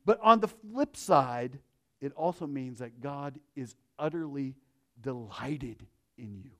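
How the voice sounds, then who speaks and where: A pastor preaching a sermon, earnest, dropping to hushed phrases and rising to emphatic ones. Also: male voice, medium pitch, animated, slow.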